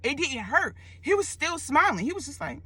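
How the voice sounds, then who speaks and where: A young woman casually retelling a dream in a vlog, expressive and loose, full of slang and swearing. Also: high voice, normal speed, no room sound. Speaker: storyteller vlogger.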